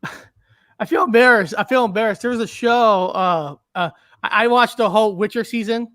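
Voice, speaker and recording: Woman co-host, halting, lots of uhs, dry sound no room echo. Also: a little high, a bit bright. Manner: hesitant, many fillers and restarts, self-conscious. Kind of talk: casual chat.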